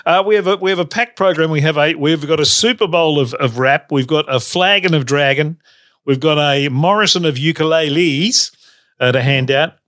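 A man's voice: fairly high pitch, a bit bright, dry recording, studio quality. An Australian man hosting a radio show, chatting in a rambling, easygoing way. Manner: chatty, rambling, quick to laugh. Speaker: radio host. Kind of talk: casual radio chat.

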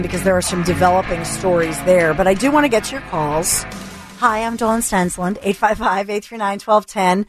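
A woman hosting a talk radio show, talking in a chatty, reassuring way with frequent restarts. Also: on the low side. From Philadelphia area. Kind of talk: casual talk radio monologue. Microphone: studio microphone.

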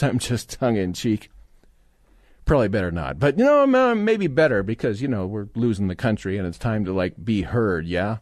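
Sarcastic talk radio host, dry studio. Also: male voice, medium pitch, a little mellow, no room sound. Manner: sarcastic, rambling, mock-indignant asides. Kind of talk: conservative talk radio monologue. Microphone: studio microphone.

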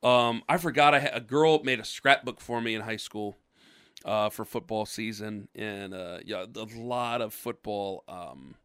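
A man's voice: fairly low pitch, unhurried, a bit bright, clean tone. A man from with a lingering cough, telling a rambling story on a podcast. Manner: rambling, restarts, acts out quoted voices. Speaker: podcast co-host. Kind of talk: casual storytelling chat. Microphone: podcast microphone.

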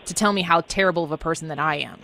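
A woman's voice: low-pitched, very fast, vocal fry, pushed and bright. A woman hosting a talk discussion, speaking candidly and searching for her words.

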